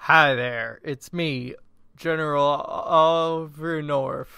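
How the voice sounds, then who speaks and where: Man doing an old blustering general, slow drawl, bright smooth voice, slightly high. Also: fairly even intonation, no room sound, studio quality, full character voice. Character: gruff, self-important old military man.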